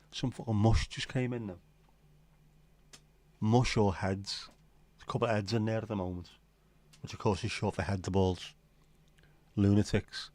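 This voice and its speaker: This livestream host chats casually through viewer comments, joking around, rambling, and cursing now and then. He speaks on the low side with a darkish tone, and the audio has no echo.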